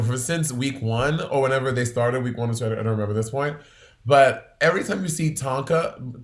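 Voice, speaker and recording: A man co-hosting a podcast in casual chat, blunt and profane, laughing often. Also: on the high side. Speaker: podcast co-host.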